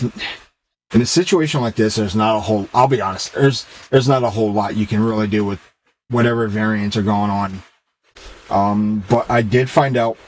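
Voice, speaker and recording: Male streamer, 30s, lowish voice, loose rambling banter with chat over faint room ambience. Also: slight background noise, poor audio. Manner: rambling, loose and joking, reads chat aloud. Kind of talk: casual chat with stream viewers while gaming.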